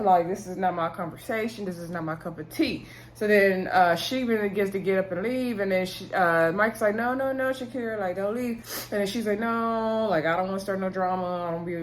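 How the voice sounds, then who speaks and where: Woman, low-pitched, casual reality show recap, chatty, opinionated, faint background hiss. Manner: chatty, opinionated, retells scenes with quoted voices.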